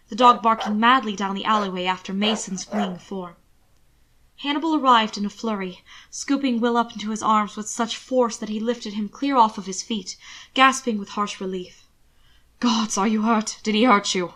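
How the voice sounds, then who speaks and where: A woman narrating fan fiction in a measured, expressive storytelling voice. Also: mid-range voice. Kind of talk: reading fan fiction aloud.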